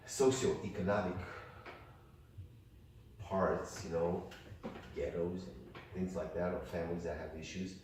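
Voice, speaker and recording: A man's voice: deep voice, a little mellow, far from the mic, a little hiss or hum. A man teaching an ear training workshop, coaxing students and singing rhythms on "ta". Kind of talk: classroom music lesson. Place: workshop room. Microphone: distant room mic. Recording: echoey room, picked up from afar.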